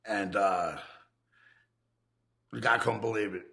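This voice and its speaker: A man's voice: lowish voice, fairly even intonation, slow, creaky, sharp tone. A man from the United States, a former outlaw biker, telling his story in a casual, profane, streetwise way and acting out the dialogue.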